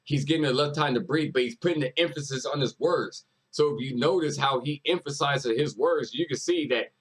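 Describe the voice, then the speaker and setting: A man with a husky, slightly rough voice breaks down a rap song in casual reaction commentary. He talks with emphasis, repeating lines back and urging the track on. His pitch sits in an ordinary middle range. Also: fairly quick, rough recording. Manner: emphatic, repeats lyrics and hypes the artist. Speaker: music reaction host.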